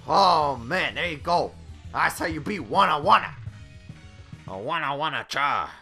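A man giving brash, profane let's-play commentary full of excited yelps and outbursts. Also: fairly high pitch, measured pace, vocal fry, faint music behind. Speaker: gaming YouTuber.

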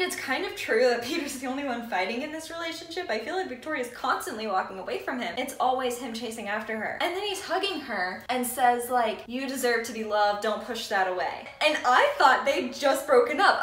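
A woman vlogger giving a casual, gossipy recap of a reality show, with quick asides and laughs. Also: a little high, a bit bright. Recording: roomy echo.

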